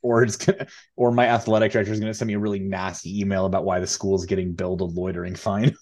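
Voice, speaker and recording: Laid-back young man, low voice. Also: little pitch movement, racing, darkish tone. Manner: laid-back, filler-heavy, laughs often. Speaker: podcast co-host and high school tennis coach. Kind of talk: casual storytelling chat.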